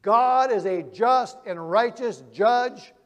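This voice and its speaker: A male preacher telling vivid illustrations, swinging from loud emphasis to hushed quiet. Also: very high-pitched, slow pace, long reverb tail, highs cut off. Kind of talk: sermon.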